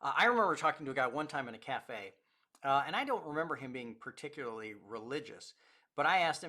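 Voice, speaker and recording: A man's voice: medium pitch, lively intonation, quick pace, pushed and bright. A man, a pastor, teaching a recorded lecture and telling anecdotes in a conversational way with quoted dialogue.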